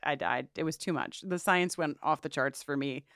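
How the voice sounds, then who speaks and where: A woman's voice: deep voice, moderate pace, no room sound, clean studio sound. A woman co-hosting a podcast, recapping a TV episode in casual chat, swearing freely and acting out lines from the show. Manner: swears freely, animated retelling with quoted lines. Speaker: podcast co-host.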